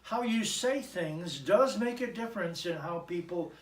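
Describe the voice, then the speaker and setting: A man's voice: sits high, expressive, a little slow. A man preaching a sermon in a conversational, joking style, with asides to the congregation. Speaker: pastor. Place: church sanctuary. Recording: echoey church, mic at a distance.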